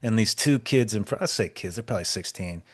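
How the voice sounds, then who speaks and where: A man hosting a podcast, telling an animated story with swearing and stammered restarts. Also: fairly low pitch, fairly quick, breathy edge, dry recording, studio quality. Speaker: podcast host. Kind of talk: casual podcast chat.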